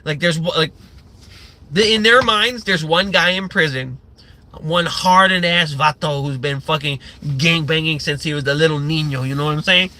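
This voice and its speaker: A man's voice: fairly high pitch, moderate pace, bright, forceful tone. A man hosting a livestream, ranting in a sarcastic, profane and rambling way, full of fillers and restarts. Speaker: livestream host.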